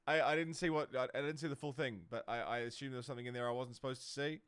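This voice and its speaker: A man's voice: medium pitch, fairly even intonation, fast talker, a bit bright, smooth, no echo, clean studio sound. A man streaming a game live, chatting casually with viewers and poking fun at himself. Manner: chatty, talks to chat, self-deprecating. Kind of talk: live gameplay commentary.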